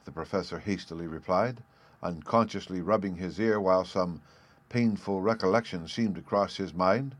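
Man, storybook narrator, lowish voice, measured reading, dry close sound. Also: no echo.

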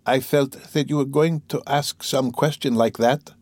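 A man doing a distressed young woman, higher-pitched. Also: normal speed, dry recording, natural voice. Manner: soft, pleading, anxious.

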